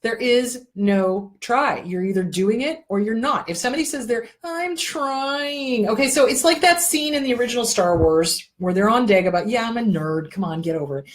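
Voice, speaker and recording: A middle-aged woman hosts an advice show in casual talk, blunt and quick to swear. She hammers her points home by repeating them. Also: mid-range voice, lively intonation. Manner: blunt, profane, emphatic repetition. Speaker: therapist host. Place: indoor room.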